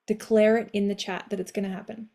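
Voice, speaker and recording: Woman, motivational coach hosting live; warm mellow voice, energetic, blunt, swears freely. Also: mid-range voice, quick pace. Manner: energetic, blunt, swears casually, cheers listeners on.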